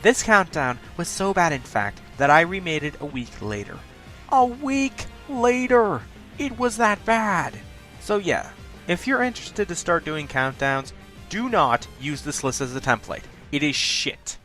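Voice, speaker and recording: Fast, lively self-critical countdown host. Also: male voice, a little high, faint music behind. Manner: talks fast, stutters at points. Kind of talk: scripted countdown commentary.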